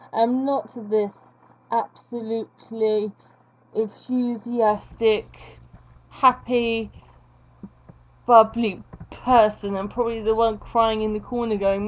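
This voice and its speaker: A woman's voice: a little high, takes it slowly, a little mellow, lo-fi sound. A young woman chatting casually while she draws, rambling and poking fun at herself. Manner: rambling, self-mocking chatter. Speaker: art vlogger. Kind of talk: casual chat while drawing.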